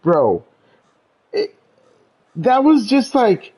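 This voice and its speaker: A man's voice: very high voice, huge pitch swings, extremely slow, a little mellow, husky, rough recording. A young man telling a story in casual chat, rambling and profane, with lots of stammered restarts. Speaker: podcast host telling a story.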